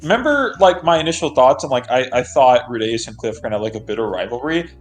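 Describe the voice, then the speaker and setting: A man co-hosting an anime review podcast, chatting casually with animated, joking banter. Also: medium pitch, quick pace, faint music behind.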